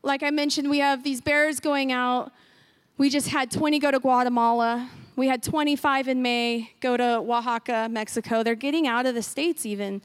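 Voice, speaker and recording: A woman with a high voice tells a church testimony. She speaks earnestly and with deep feeling, often acting out her own past thoughts as she goes. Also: steady tone, moderate pace, clean tone. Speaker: guest speaker sharing a ministry testimony.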